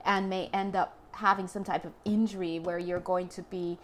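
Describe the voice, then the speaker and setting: A woman's voice: on the low side, little pitch movement, moderate pace, fairly bright tone. A young woman doing a casual tarot reading to camera, chatty and joking, laughing often. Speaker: tarot reader.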